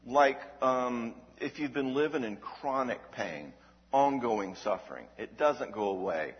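Speaking a little slowly at medium pitch, a man teaches on emotional health from a Christian perspective with animated emphasis. Rhetorical questions and check-ins of "all right?" punctuate the talk, and the dull audio has long hall reverb.

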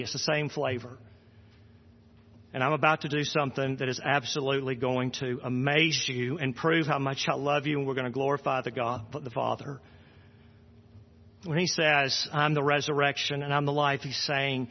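A man's voice: medium pitch, brisk. Earnest man preaching in a church. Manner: earnest, repeats words, voices Jesus in quotes. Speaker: pastor. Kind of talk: sermon. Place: church sanctuary. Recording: muffled sound with long hall reverb.

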